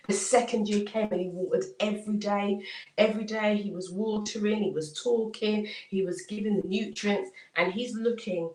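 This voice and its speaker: A woman's voice: medium pitch, a little mellow. Woman telling a story in an echoey room. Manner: dramatic, repetitive storytelling. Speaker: motivational speaker. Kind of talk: inspirational storytelling. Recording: roomy, distant mic.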